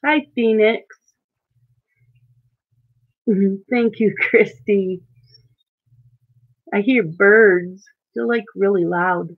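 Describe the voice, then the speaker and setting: On narrow, tinny audio, a woman with a medium-pitched voice hosts a coloring live stream, talking extremely slowly and pausing often. She chats casually with viewers, reading their comments aloud and answering them.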